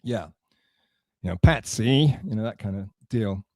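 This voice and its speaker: A man's voice: fairly low pitch, animated, unhurried, no echo. A man from England talking on a livestream, rambling and self-mocking, with a sarcastic, digressive way of telling a story. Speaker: streamer.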